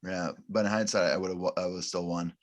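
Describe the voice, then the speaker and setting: A man's voice: sits low, steady tone, a little fast. A man co-hosting a podcast who asks the guest questions in casual chat, rambling and restarting as he goes. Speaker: podcast co-host.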